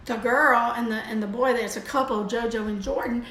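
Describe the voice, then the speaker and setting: An older woman with grandchildren hosting a casual live video from home, rambling warmly with many fillers and restarts. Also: a little high, steady tone, brisk, hardly any pauses, slight background noise. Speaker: host of a daily live video. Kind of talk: casual live-stream chat. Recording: echoey room with faint ambience.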